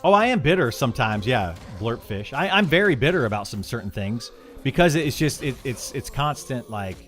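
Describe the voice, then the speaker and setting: A man's voice: medium pitch, sing-song, normal speed, fairly bright tone, faint music behind. A man live-streaming and answering chat, frank and opinionated, often restarting his sentences when heated. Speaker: game streamer.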